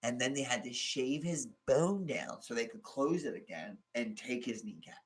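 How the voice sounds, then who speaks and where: A man's voice: medium pitch, normal speed, breathy edge. A man with a Baltimore accent, co-hosting a casual podcast chat, telling stories in slang and acting out the people in them. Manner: animated storyteller, slangy, acts out quotes. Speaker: podcast co-host.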